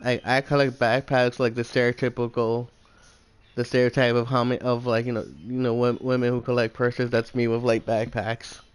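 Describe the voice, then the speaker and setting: Male let's-play streamer, smooth, flat delivery, rambling casual chatter full of fillers. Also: medium pitch, soft background music. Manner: rambling, halting, with many fillers. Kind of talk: casual chat over gameplay.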